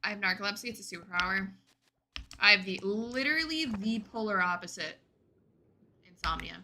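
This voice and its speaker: Very bright-voiced chatty woman streamer. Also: mid-range voice, a little fast, a little hiss or hum. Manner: chatty, reads and answers chat while playing. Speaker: gaming streamer. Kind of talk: casual livestream chat.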